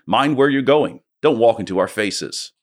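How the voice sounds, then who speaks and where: A man reading aloud and voicing a surly, scornful male dwarf in a gruff, raised voice. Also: medium pitch, lively intonation, normal speed, close to an everyday voice.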